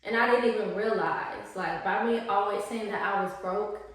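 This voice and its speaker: A woman's voice: mid-range voice, normal speed, a bit bright, far from the mic. A woman, a spiritual life coach, talking in a casual, playful and slangy vlog style. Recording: echoey room, voice off-mic.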